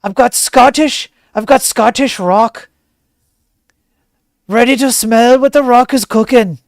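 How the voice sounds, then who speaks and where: A man's voice: very high-pitched, slow pace, no room sound, studio quality, voice pushed up, full character voice. A man putting on the voice of an overexcited, deluded man who talks in a brash, cocky way. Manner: boastful, brash.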